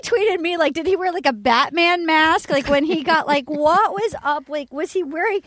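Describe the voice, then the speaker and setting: Female podcast co-host, high and very animated, profane comic recaps, dry close sound. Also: moderate pace, no echo. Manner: animated, swearing, exaggerated quoting. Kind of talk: casual comedic chat.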